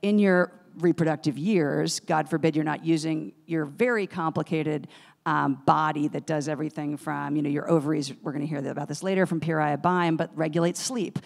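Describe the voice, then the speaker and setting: Brief: woman interviewer, lowish gravelly voice, chatty and playful, live hall reverb. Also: fairly even intonation, normal speed. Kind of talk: onstage interview.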